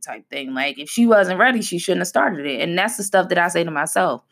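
A woman in her thirties speaks in a slightly low voice as a podcast host. Her talk is candid and heartfelt, loose and conversational, and she leans on repeated phrases to drive each point home. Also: fast talker, few pauses, fairly bright tone. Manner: conversational and heartfelt, with emphatic repetition.

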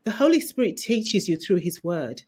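A woman's voice: lowish voice, big pitch swings, normal speed, warm tone, husky. A woman who is a guest author, sharing a fervent faith testimony in an interview. She speaks like a preacher and repeats key phrases for emphasis.

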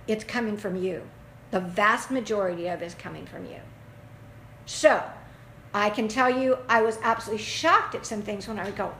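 A woman giving casual, folksy advice to a caller, animated and emphatic, often laughing as she talks. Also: mid-range voice, slight background noise. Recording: echoey room with faint ambience.

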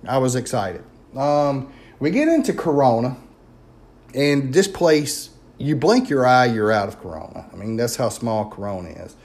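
A man with a Louisiana accent, a paranormal investigator telling a story in a chatty, animated way with many fillers. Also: medium pitch, moderate pace. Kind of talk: casual storytelling.

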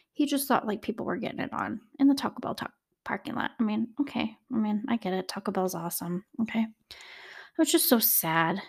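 A woman's voice: a little high, gravelly, a little mellow. A woman telling a true crime story in a casual, chatty way, with indignant asides to her listeners. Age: adult parent. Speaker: true crime podcast host.

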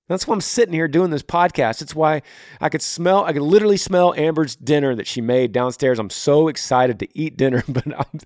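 A man's voice: a little high, darkish tone, no echo, studio quality. A podcast host in his thirties answering a listener's question on grief, blunt and earnest, speaking in repeated rhythmic phrases. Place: home room.

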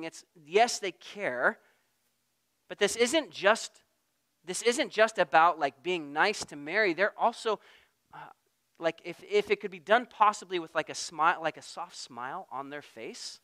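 Bright, high-voiced man preaching a sermon. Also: expressive, unhurried. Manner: conversational preaching, swinging from loud to hushed. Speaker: pastor.

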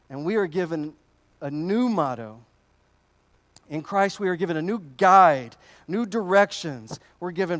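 High-voiced conversational male preacher. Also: normal speed, a bit bright. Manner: conversational, emphatic, repeats phrases. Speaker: pastor. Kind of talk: sermon.

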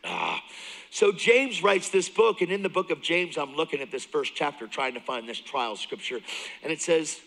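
Male guest preacher with a bright, forceful voice, animated testimony with loud bursts and hushed asides. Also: on the high side, normal speed, in a large hall, low-quality recording. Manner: animated storytelling, jumps between loud and hushed; laughs often, talks straight to the crowd. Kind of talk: sermon, personal testimony. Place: church service.

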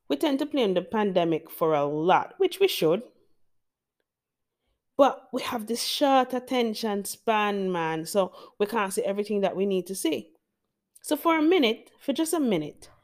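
A woman's voice: a little high, a little mellow. A Jamaican woman hosting a motivational podcast, talking straight to her listeners in an emphatic, encouraging way. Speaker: podcast host.

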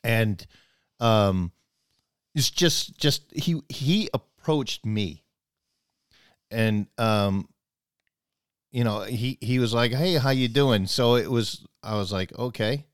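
A man's voice: lowish voice, takes it slowly, long pauses, clean tone, dry recording, studio quality. A man telling a long personal story in casual chat, rambling, restarting his sentences, and acting out both sides of the conversation.

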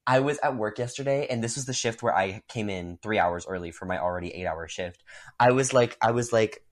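A young man co-hosting a podcast in casual chat, animated, laughing often and jumping into high voices when he quotes people. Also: fairly quick. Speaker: podcast co-host.

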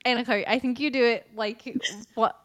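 A woman's voice: fairly high pitch, fairly even intonation, moderate pace, no echo, clean studio sound. A woman co-hosting a casual podcast, friendly, prompting her friend with questions and fillers. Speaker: podcast co-host. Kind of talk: casual chat.

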